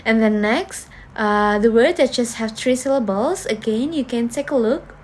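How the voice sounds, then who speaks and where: Young female student presenter, slightly high voice, methodical class talk. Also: moderate pace, darkish tone. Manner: explains step by step with fillers.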